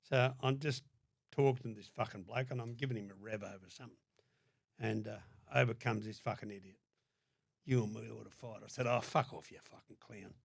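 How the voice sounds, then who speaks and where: A man's voice: mid-range voice, gravelly, fairly bright tone, no room sound, studio quality. An older man with an Australian accent from Sydney, telling stories as a podcast guest in a blunt, heavily profane way. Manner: blunt, heavy swearing, acts out quoted dialogue. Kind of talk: casual storytelling.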